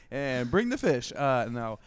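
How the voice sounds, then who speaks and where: An American man hosting a youth ministry podcast, easygoing and quick to laugh. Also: medium pitch, very animated, a crowd in the background. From United States. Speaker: podcast host. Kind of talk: podcast conversation.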